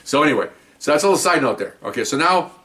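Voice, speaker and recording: Older ex-cop telling war stories. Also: male voice, on the high side, fast. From Mexican-American background. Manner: animated, acts out quotes, frequent "okay?" asides. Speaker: retired police officer storyteller. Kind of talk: casual storytelling to camera.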